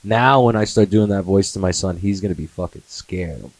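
Profane low-voiced man in his twenties. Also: normal speed, darkish tone, no room sound, poor audio. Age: 20s. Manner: profane, laughs often, mocking impressions. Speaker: comedy podcast host. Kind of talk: casual comedic monologue.

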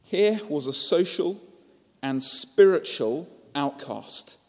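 Guy preaching a sermon, kinda high voice, lots of rhetorical questions, long hall reverb. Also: animated, slow.

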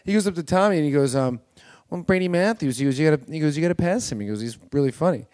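Animated storytelling man, fairly high voice. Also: fast talker. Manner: animated storytelling, acts out quotes loudly. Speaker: stand-up comedian. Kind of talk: casual podcast chat.

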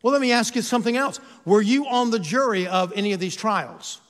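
A man's voice: sits high, a little fast, a bit bright, big-room sound. A man who is a pastor, preaching a sermon and asking his listeners rhetorical questions, his volume rising and falling.

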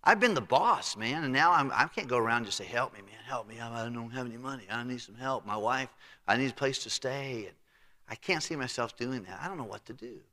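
A man's voice: fairly high pitch, very animated, normal speed, pushed and bright, in a large hall, heavily acted. A man voicing a lazy male steward who fears being fired, muttering in fretful, casual slang. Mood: worried. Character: lazy, panicking male steward facing firing.

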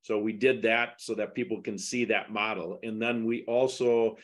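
As a podcast guest covering a lawsuit, a middle-aged man speaks in a lowish, steady voice at a moderate pace. The conversation is informal, though he presses his points emphatically and turns to indignant questions.

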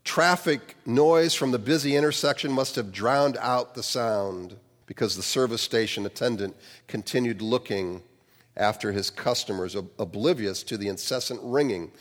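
A minister telling a first-person testimony in an animated way, acting out the dialogue. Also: male voice, medium pitch, normal speed, long reverb tail.

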